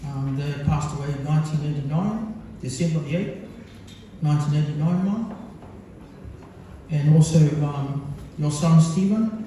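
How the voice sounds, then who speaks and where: A son from New Zealand gives a birthday speech to a gathering in a large function hall, telling meandering, jokey stories full of fillers. His voice is mellow and slightly high, at normal speed. He's recorded from far back in the booming, echoey hall, with slight background noise.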